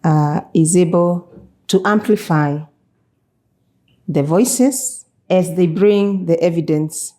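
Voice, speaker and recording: A woman talking in an interview, her voice dark and mellow. She speaks very slowly and a little low, pausing often as she weighs each point. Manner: slow, deliberate speech with frequent hesitations. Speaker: chair of a steering committee, guest. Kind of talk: conversational interview.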